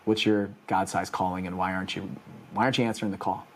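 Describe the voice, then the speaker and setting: A man with a slightly low voice delivers an earnest, preaching motivational talk as a podcast host. He drives his points home with repeated, emphatic phrases. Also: flat delivery, quick pace.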